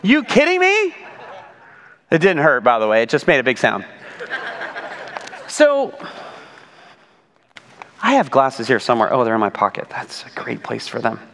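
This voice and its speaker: A pastor delivers a conversational sermon packed with asides, rhetorical questions, and a frequent "right?" His mid-range voice swings hugely in pitch and has a slightly bright edge, and he speaks at a measured pace with many pauses. A large hall gives the recording a long reverb.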